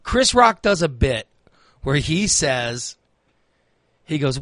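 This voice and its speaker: A man's voice: a little high, sing-song, slow, long pauses, fairly bright tone, no echo. A man hosting a talk radio show, ranting in a heated, emphatic way and repeating phrases for emphasis. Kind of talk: opinionated talk radio rant.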